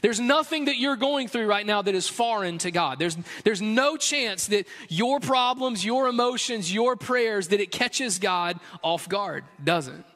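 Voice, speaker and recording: A male pastor delivering a sermon in a large church. His voice sits high, and his delivery is earnest and chatty with a playful streak. A long reverb hangs behind him. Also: animated, measured pace, few pauses, fairly bright tone. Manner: earnest and conversational, with a playful humor.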